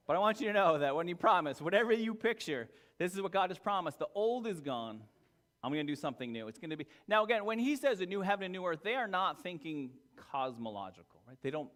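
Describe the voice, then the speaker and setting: A man's voice: fairly high pitch, fairly bright tone. Pastor guy rambling through a laid-back sermon, jokes and asides, big echoey church hall. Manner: chatty, self-deprecating, full of asides and restarts. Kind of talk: casual sermon. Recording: long hall reverb.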